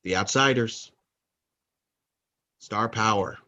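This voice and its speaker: A man hosts a movie countdown podcast in casual, opinionated talk. His voice sits very low, and he takes his time. He wanders and corrects himself as he goes. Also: slow pace, pushed and bright, dull audio. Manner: rambling, opinionated, self-correcting. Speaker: podcast host.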